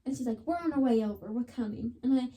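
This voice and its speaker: A woman's voice: fairly high pitch, quick pace, warm tone, a little hiss or hum. A young woman on a podcast, chatting casually and dramatically retelling a story, with lots of "like.". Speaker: podcast co-host.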